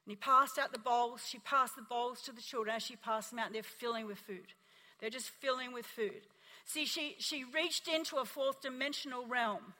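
An Australian woman preaches with a bright, forceful voice, telling her story with animated, emphatic rises. Her words ring out with a long reverb, as if from a big hall. She sounds like a pastor speaking from the pulpit. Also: fairly high pitch, moderate pace. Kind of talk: sermon.

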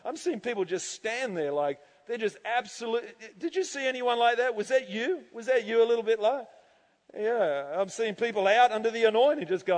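A male pastor preaching an animated sermon to his congregation, acting out people's reactions and laughing often. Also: sits high, moderate pace. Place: church hall. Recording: church hall reverb.

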